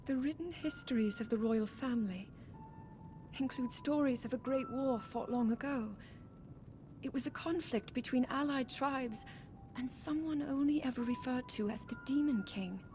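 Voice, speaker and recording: An actress voicing a solemn young princess in a video game, telling ancient history in a measured, formal way. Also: female voice, sits high, lightly acted. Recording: game audio with loud noise.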